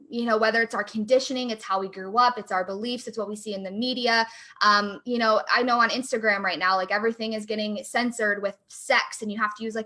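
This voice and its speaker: A woman coach with a bright, forceful voice that sits a little high, talking casually and with energy. She is a young adult who chats freely and fills her speech with "like" and "you know". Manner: energetic and chatty, with many fillers. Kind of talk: casual chat.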